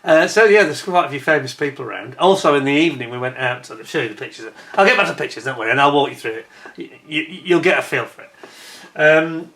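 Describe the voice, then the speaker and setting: This British vlogger is middle-aged and speaks quickly in a high, animated, pushed and bright voice. Chatting over his holiday photos, he rambles, corrects himself along the way, and sounds indignant whenever he recounts complaints.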